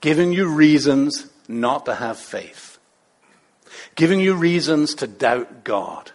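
Male pastor, high voice, playful, conversational sermon with rhetorical questions. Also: lively intonation, slow pace.

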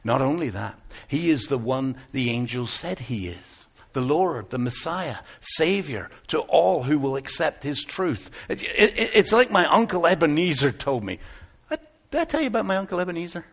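An actor playing an aging biblical shepherd, telling his story earnestly, moving between hushed tones and exclamations. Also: fairly high pitch, very animated, moderate pace, gravelly, full character voice. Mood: awed. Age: older. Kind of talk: first-person dramatic monologue.

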